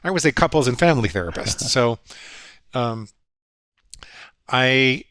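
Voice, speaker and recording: A middle-aged man speaking in an earnest, reflective way, recalling his past and voicing the thoughts in his head. His voice sits at an ordinary pitch, and the recording is dry and close. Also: animated, unhurried, a bit bright, no room sound. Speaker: guest psychologist. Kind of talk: storytelling conversation.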